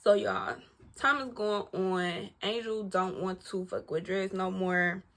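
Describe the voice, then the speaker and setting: Animated profane storytelling woman. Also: mid-range voice, slow. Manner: animated, profane, acts out dialogue, addresses viewers as y'all. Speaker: storytime vlogger. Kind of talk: casual storytelling to camera.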